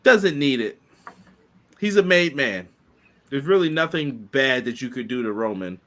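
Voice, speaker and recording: A man hosting a podcast in casual chat, upbeat and quick to laugh. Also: mid-range voice, lively intonation, a bit bright. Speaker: podcast host.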